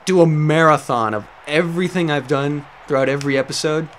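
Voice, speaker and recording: A man's voice: a little high, a little fast, a bit bright, slight background noise. A young man casually commenting over gameplay at home, rambling, self-mocking and swearing often. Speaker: let's play host. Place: at home with a cat.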